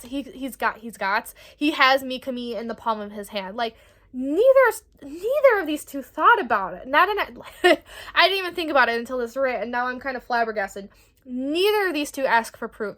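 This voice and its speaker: Woman in her twenties, slightly high-pitched, casual rambling review, swears a lot, animated. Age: 20s. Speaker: book vlogger.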